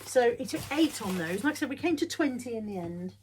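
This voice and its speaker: Chatty woman, fairly high voice. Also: lively intonation, a little fast, background noise. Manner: chatty, wry, thinks out loud. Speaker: reseller showing bargain finds. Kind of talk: casual chatty vlog.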